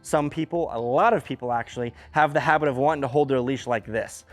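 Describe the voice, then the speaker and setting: A man's voice: mid-range voice, fast talker, hardly any pauses. A man explaining leash handling in plain words with everyday comparisons. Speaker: dog trainer. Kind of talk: instructional demonstration.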